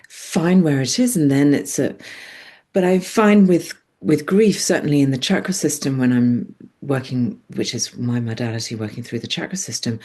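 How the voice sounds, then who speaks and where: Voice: mid-range voice, a little mellow. A podcast host talking in a chatty, rambling way, full of fillers and restarts, asking the guest questions. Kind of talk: casual podcast conversation.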